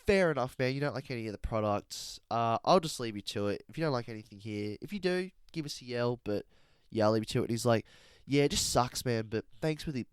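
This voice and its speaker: A young man co-hosts a podcast, relaxed and profane as he tells his stories. His voice sits at a middle pitch, recorded dry and up close. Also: fast, clear, resonant tone, dry recording. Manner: laid-back, swearing storyteller. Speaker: podcast co-host. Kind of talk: casual chat.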